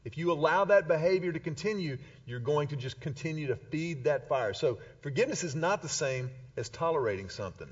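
A man's voice: on the high side, animated, a little fast, hardly any pauses, lo-fi sound. A man preaching a sermon with punchy, emphatic repetition of key points.

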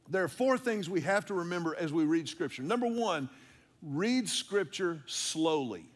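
Man preaching, high voice, conversational, playful asides, repeats himself for emphasis. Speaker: pastor. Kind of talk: sermon.

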